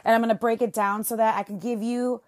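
A woman's voice: fairly high pitch, flat delivery, fast talker, a little mellow, no room sound, studio quality. Woman in her 40s, podcast host, playful, sarcastic, encouraging, motivational talk.

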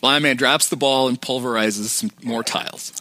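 A man's voice: medium pitch, steady tone, normal speed, sharp tone, dry recording. A man hosting a podcast, casually retelling film scenes and quoting lines. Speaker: podcast host.

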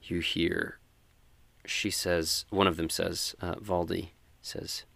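A man narrating a tabletop role-playing game as game master, relaxed with many fillers. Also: low-pitched, slow pace, creaky, dry recording.

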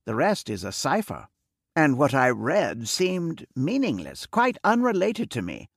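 A man reading the part of a wealthy, reserved middle-aged man who speaks in a measured, formal way. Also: fairly high pitch, huge pitch swings, gravelly, breathy edge, no echo, studio quality, full character voice. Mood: earnest. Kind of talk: audiobook character reading.

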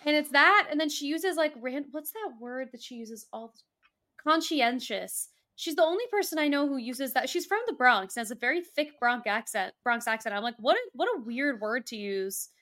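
A woman co-hosting a podcast, chatting casually with quick, enthusiastic reactions. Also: high-pitched, animated, pushed and bright.

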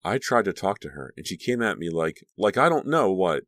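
A man voicing a jealous, threatening teenage girl in an audiobook, curt and sharp. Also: sits low, big pitch swings, fairly quick, no room sound, clean studio sound. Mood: breathless.

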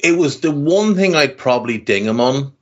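A man co-hosting a podcast, talking through a film in casual chat, measured and thinking aloud with repeated words. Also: mid-range voice, lively intonation, muffled recording. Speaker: podcast co-host.

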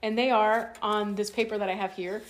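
A woman co-hosting a podcast in easy, casual conversation. She jokes constantly and rambles through her points in a playful way. Her voice sits at a middle pitch for a woman. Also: flat delivery, fairly quick, slight background noise. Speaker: podcast co-host. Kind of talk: casual chat.

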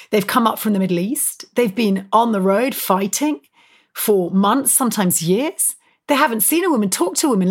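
Woman, historian, interview guest, animated storytelling, emphatic, chatty, medium pitch. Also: husky. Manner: chatty, with many fillers and self-corrections.

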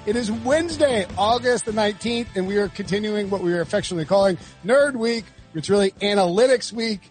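A man's voice: high voice, quick pace, soft background music. A man from North Carolina hosting a casual sports podcast, chatty and rambling with lots of restarts. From North Carolina, USA. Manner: chatty, rambling, self-deprecating, many restarts. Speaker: podcast host.

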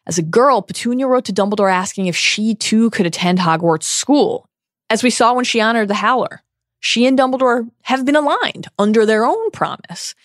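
A woman's voice: a little high, animated, normal speed, no room sound, studio quality. A woman co-hosting a book podcast, reading a scripted, earnest and analytical discussion. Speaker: podcast co-host.

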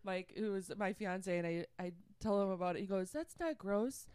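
A woman's voice: medium pitch, level tone, a little fast, darkish tone, smooth, no room sound. A woman guest on a podcast, telling candid stories in casual chat and giggling often.

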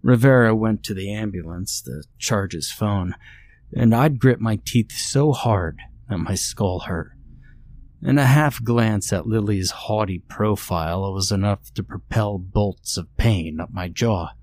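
A man narrating a first-person horror story in a measured, bitter tone. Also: on the low side, darkish tone.

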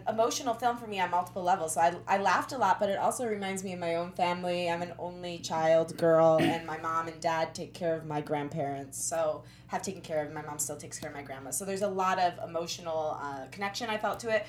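Brief: female panelist, lowish voice, faint noise behind. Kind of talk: casual panel film review.

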